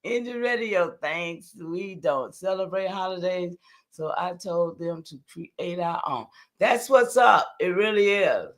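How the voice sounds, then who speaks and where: A woman's voice: on the low side, lively intonation, measured pace. An older woman, talking casually and emphatically to her livestream viewers, rambling and answering their comments. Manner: rambling, emphatic, talks back to chat comments. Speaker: livestream host.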